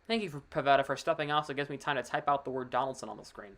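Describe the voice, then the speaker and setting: Streaming a baseball game live, this man delivers casual play-by-play, chatty and getting excited over big plays, tossing in offhand asides. His voice sits in the mid-range and he talks at a racing clip.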